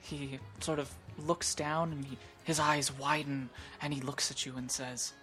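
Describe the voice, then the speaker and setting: Slow, low-voiced woman narrating a tabletop game. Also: level tone, a bit bright, soft background music. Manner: slow, descriptive, with hesitations. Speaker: game master.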